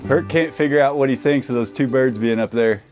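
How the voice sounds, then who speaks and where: A man's voice: mid-range voice, brisk, over music. A man on a homestead vlog chatting casually during chores, easygoing and talking to his animals. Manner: easygoing, talks to animals, laughs often. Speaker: homestead vlogger. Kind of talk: casual chat while doing farm chores. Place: outdoor animal pen.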